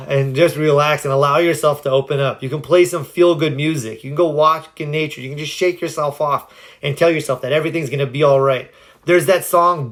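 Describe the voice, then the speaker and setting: Earnest man coaching viewers live. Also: a little high. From United States. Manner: earnest, encouraging, answers viewers' questions. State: slightly cracked voice. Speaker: self-help coach. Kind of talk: livestream advice talk. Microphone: phone livestream.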